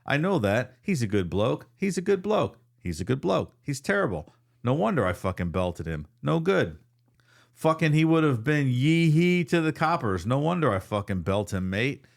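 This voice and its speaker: A man putting on a rambling, gravelly old brawler. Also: mid-range voice, very animated, normal speed, pitched above the performer's own voice. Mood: rambling boastful. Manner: rambling, boastful, swearing. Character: foul-mouthed old male Outback brawler.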